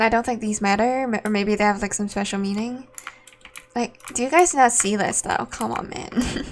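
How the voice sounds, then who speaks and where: Woman streamer, let's-play chat, higher voice, faint game music behind. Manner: chatty, laughs easily, thinks aloud. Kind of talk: casual let's-play commentary.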